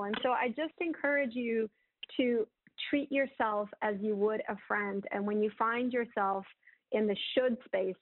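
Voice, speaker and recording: A woman's voice: fairly high pitch, fairly even intonation, moderate pace. A woman giving advice on a webinar in a chatty way, with many fillers. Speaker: webinar speaker. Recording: tinny phone-like line.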